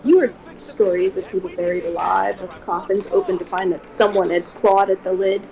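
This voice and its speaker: Woman, streamer, reading horror novel aloud, steady delivery, middle pitch. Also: moderate pace, vocal fry, low-quality recording. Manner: steady first-person reading, occasional swearing asides.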